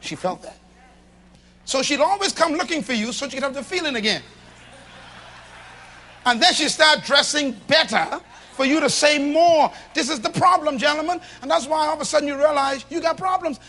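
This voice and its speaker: A man preaching a sermon to a live congregation, swinging from shouts to low confiding tones and acting out little dialogues in different voices. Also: animated, normal speed. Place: church hall with a congregation.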